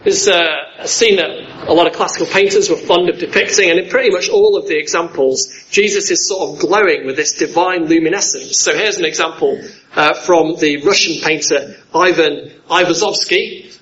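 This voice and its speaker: A man preaches in a relaxed, conversational way, often turning to his listeners with questions. His voice sits a little high for a man. The recording sounds dull and lo-fi. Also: normal speed. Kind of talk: sermon.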